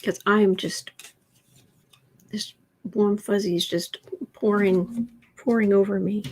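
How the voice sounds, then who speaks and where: A woman hosting a casual tarot livestream at home, chatting slowly and often slipping into soft, whispered baby talk. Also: mid-range voice, little pitch movement. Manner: slow, chatty asides. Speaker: tarot reader and livestream host.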